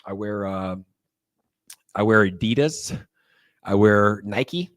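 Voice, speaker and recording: A man hosting a casual livestream chat, joking and animated as he tells stories. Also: fairly low pitch, takes it slowly, dry recording. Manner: animated, joking, does voices in anecdotes. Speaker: livestream host.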